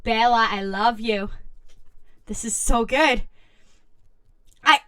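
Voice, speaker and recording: A young woman streamer chatting casually with viewers and reading stories aloud, excitable and reacting loudly. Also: a little high, slow, clean tone.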